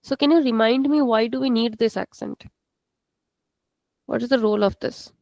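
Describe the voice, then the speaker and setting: A woman's voice: on the high side, normal speed, creaky, a little mellow, no room sound. A woman teaching a live online class, patiently explaining and repeating words for her students. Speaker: Portuguese teacher.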